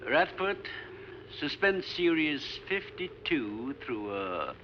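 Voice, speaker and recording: A man's voice: fairly high pitch, very animated, slow pace, noisy background. An actor playing an older research scientist and father, speaking in an earnest, lecturing way in a 1950s film. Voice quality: lecturing, emphatic delivery. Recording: muffled old film soundtrack with music.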